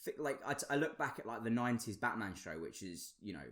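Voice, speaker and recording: A man co-hosts a casual podcast in an easygoing, halting way. He restarts his sentences and drops friendly asides. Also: on the low side, animated, fairly bright tone, reverberant. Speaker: podcast co-host. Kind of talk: casual chat.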